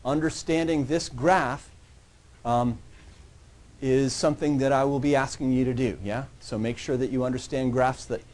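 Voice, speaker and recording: A man's voice: medium pitch, fairly even intonation, moderate pace, darkish tone. A man teaching a college science class in a conversational lecture style, often checking in with the students as he goes. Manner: checks in constantly with "yeah?" and "right?". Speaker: college microbiology instructor.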